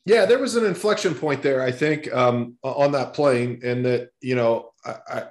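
A man's voice: medium pitch, moderate pace. A man in his forties from Texas, a guest telling long stories in a casual interview, with many restarts. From Texas, USA. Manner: rambling, repeats words and restarts often.

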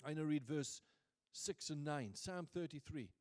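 Man preaching a sermon, rising to booming emphasis. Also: animated. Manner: builds from quiet reflection to booming emphasis; reads scripture aloud slowly.

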